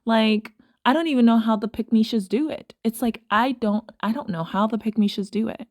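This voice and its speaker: A woman's voice: on the high side, moderate pace, darkish tone, dry recording, clean studio sound. A woman hosting casual commentary to her viewers, talking emphatically and repeating phrases for stress. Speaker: commentary host.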